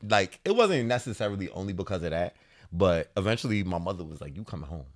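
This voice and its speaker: A man in his thirties, a podcast co-host telling a story in casual chat, animated and laughing often as he acts out the voices. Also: sits low, fast.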